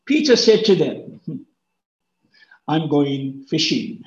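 Slow, high-voiced preacher in an echoey room. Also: male voice. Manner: animated, acts out voices with big pitch jumps. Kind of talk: sermon. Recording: roomy echo, dull lo-fi sound.

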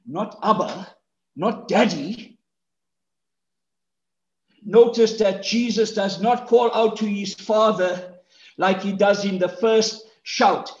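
Preacher guy giving a sermon, kinda high voice, gets loud and emphatic, roomy echo. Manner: rhetorical, rises to emphatic shouts. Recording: echoey, slightly muffled room.

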